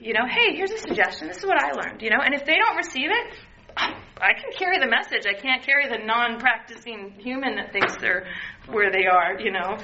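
A woman's voice: a little high, sharp tone. A woman in her thirties sharing a candid personal recovery testimony, earnest, and acting out quoted voices as she talks. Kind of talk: personal testimony, casual talk. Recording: dull lo-fi sound, faint noise.

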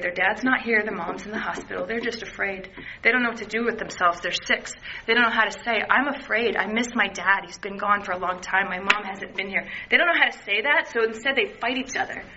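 Speaking at medium pitch with a sharp tone, a woman in her thirties tells her personal recovery story frankly and earnestly. Her talk is casual testimony in which she acts out quoted voices, and the recording is dull and lo-fi with faint background noise.

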